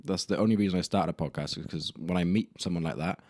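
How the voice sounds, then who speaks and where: Young man, solo podcast host, deep low voice, dry close sound, rambling, self-deprecating, swears casually. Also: quick pace, darkish tone, no room sound. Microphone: camera mic in a room.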